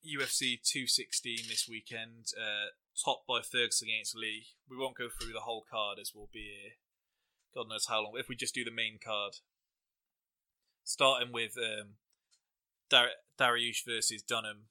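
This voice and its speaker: English bloke hosting a podcast, tense bright tone, rambly storyteller, casual chat. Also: male voice, mid-range voice, fairly even intonation, moderate pace. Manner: rambling anecdotal storyteller, laughs while talking. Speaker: podcast host. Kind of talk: casual chat and fight predictions.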